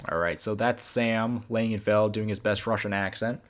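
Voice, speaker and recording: A man, the creator of an animated series, giving a casual, rambling director's commentary with many fillers. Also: lowish voice, moderate pace, background noise.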